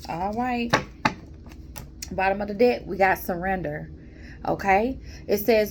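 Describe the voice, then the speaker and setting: Mellow, chatty woman reading tarot. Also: medium pitch, takes it slowly, a little hiss or hum. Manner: chatty, drawling, addresses viewers as y'all; calm and mellow. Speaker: tarot reader.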